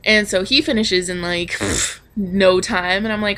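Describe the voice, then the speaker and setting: A woman's voice: mid-range voice, steady tone, a little slow, fairly bright tone. A young woman telling a personal story in a candid vlog, frank and confessional, with lots of swearing and filler words. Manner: frank and confessional, swears freely, many ums and likes. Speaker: vlogger.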